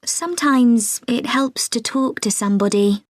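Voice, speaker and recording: Lady acting out a soft kind woman comforting someone, gentle, dry recording. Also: fairly high pitch, unhurried, no room sound. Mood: sympathetic. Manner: soothing, gentle. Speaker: speaker in a recorded listening exercise. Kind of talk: scripted course audio.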